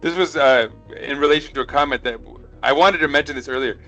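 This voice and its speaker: A man with an American accent hosts a football podcast in an easygoing way, reading listener comments aloud. His voice sits on the higher side, with faint music in the background. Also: quick pace, lo-fi sound. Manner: relaxed, laughs often, reads comments aloud. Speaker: podcast host.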